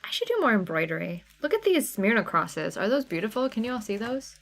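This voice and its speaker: A woman hosting a live craft sale stream. She chats loosely and answers viewers by name as she shows items. Her voice sits at an ordinary middle pitch for a woman. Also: sing-song, brisk, vocal fry. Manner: chatty, reads out viewer names and chat comments. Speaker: livestream sale host. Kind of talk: casual live sale chat.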